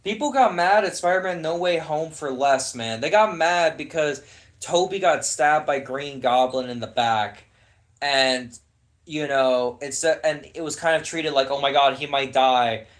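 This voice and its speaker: A man's voice: fairly high pitch, unhurried. A young man ranting in casual podcast chat, heated, sarcastic and profane.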